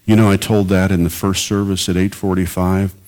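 A low-voiced man preaching from the pulpit. He speaks earnestly, and his delivery rises to emphatic peaks as he drives a point home. It is the steady voice of a pastor who also preaches on the radio. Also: brisk. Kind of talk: sermon.

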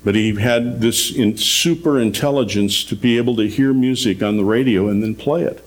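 Earnest low-voiced radio preacher, man. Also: moderate pace. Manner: earnest, storytelling, rising emphasis on key points. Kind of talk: sermon.

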